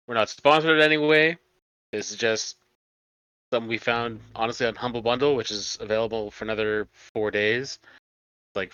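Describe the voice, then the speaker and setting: A man's voice: on the low side, sharp tone, no room sound, muffled recording. A man running a tabletop game as game master, chatting casually and laughing easily between rules and scene-setting.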